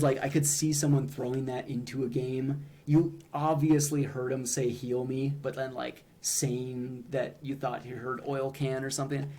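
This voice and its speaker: A man's voice: mid-range voice, mellow. A young man streaming, casually analyzing game humor in a hesitant way, with frequent ums and restarts.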